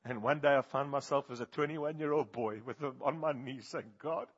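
A man preaching a sermon, firing questions at the congregation and swinging between hushed and loud passages. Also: mid-range voice, fairly quick, breathy edge, muffled recording.

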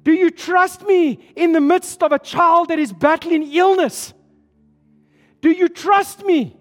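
A man's voice: extremely high pitch, unhurried. A man preaching, speaking as a loving God who urgently asks his child to trust him. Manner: urgent, pleading, raised voice. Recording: hall reverb with soft music.

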